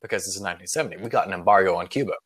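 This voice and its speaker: A man's voice: low voice, rapid-fire, fairly bright tone, husky. A man hosting a podcast, telling a long joke in loose, rambling casual chat with frequent swearing and filler. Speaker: podcast host.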